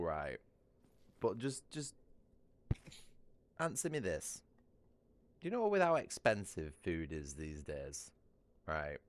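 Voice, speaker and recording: Laid-back man, lively low voice. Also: slow, pauses often, no room sound. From Britain. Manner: rambling and crude, with frequent restarts and bursts of laughter. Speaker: gaming livestreamer. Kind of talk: casual livestream chat while gaming. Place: his home.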